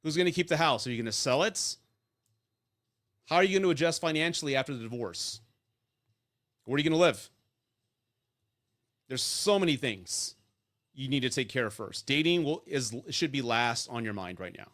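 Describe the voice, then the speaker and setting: A man with a mid-range, slightly bright voice speaks expressively at a normal speed, pausing often. He hosts a live stream of divorce and dating advice, talking bluntly, casually and profanely through stories while checking in with "right?".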